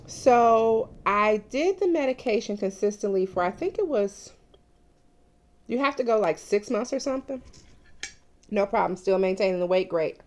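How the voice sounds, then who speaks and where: A woman's voice: medium pitch, lively intonation, normal speed, a little mellow. A woman in her forties talking candidly to her viewers in a casual personal vlog, confiding and open. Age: 40s. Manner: candid and confiding, addressing viewers as "you guys". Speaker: mukbang vlogger.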